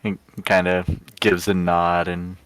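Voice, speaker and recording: Deep-voiced, slow man narrating a game. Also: little pitch movement, a bit bright, clean tone, dry recording. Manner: laid-back, hedging. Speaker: tabletop game player. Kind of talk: narrating his character's actions.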